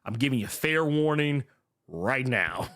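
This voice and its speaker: A man's voice: medium pitch, animated, measured pace, fairly bright tone, slight background noise. A middle-aged man co-hosting a podcast in casual chat, laughing often and trailing off with fillers. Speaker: podcast co-host.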